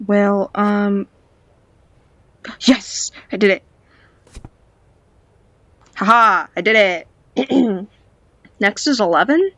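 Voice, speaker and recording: A woman's voice: medium pitch, drawn-out words, pauses often, fairly bright tone, no echo, highs cut off. A woman with a stuffy nose giving casual, playful commentary on a game she is playing at home, talking to the characters and now and then dropping into a whisper. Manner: drops to whispers at times. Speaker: game vlogger. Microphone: cheap home microphone.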